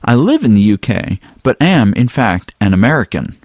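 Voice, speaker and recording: A man with a lowish voice hosts a podcast, loose and rambling as he reads a listener's email aloud. The sound is close and dry. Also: moderate pace, no room sound. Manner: relaxed, rambling, with some filler words. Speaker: podcast host. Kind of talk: casual podcast chat, reading a listener email.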